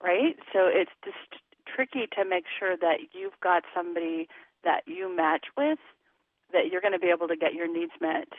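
A woman's voice: fairly low pitch, animated, moderate pace, vocal fry, dry recording. Frank woman coach on a tinny phone line. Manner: frank and emphatic, talks candidly about sex. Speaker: relationship coach. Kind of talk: interview over a phone line.

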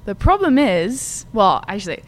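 A young woman hosting a radio show from a studio, chatty and quick to laugh. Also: medium pitch, big pitch swings. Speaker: radio host. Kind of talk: casual radio interview.

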